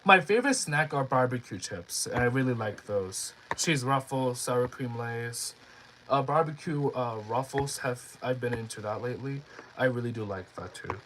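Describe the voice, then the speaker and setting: A young male streamer talking off the cuff to his viewers. He rambles from one thought to the next, reads comments out loud and often restarts his sentences. His voice sits at an ordinary middle pitch. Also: normal speed, noisy background. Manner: rambling, reads chat comments aloud, many restarts and fillers. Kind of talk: casual live-stream chat.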